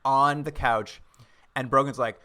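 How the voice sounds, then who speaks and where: Podcast co-host, male, bright voice, dry humor, quick laughs. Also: mid-range voice, fairly even intonation. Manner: wry recaps, laughs often. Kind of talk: casual chat.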